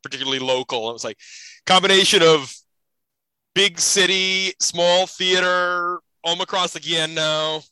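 A man's voice: high voice, steady tone, moderate pace, sharp tone, clean tone, no echo, rough recording. A man hosting a casual interview, chatty and wry. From United States.

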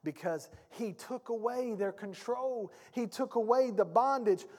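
Preaching pastor in a reverberant church. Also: male voice, very high voice, unhurried. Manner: preachy call-and-response, swings between hushed and shouting. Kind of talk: sermon. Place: church sanctuary. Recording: long hall reverb.

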